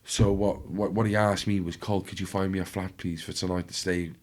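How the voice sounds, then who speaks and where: A lowish-voiced man with a Cardiff accent tells a story from the streets as a podcast guest. He talks bluntly and casually, swears freely, and slips into the voices of the people in his story. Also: little pitch movement, a little fast, darkish tone. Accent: Welsh, Cardiff.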